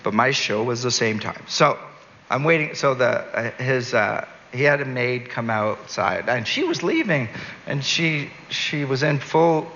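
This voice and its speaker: A Canadian man in an interview, telling a rambling, animated story and laughing at his own jokes. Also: medium pitch, a little slow. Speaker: entertainer and guest. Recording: dull recording with long reverb, faint noise.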